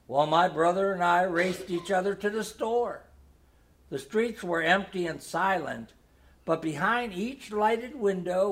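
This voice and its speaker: A man reading a nostalgic holiday story aloud in a gentle storytelling manner. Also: high voice. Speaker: narrator.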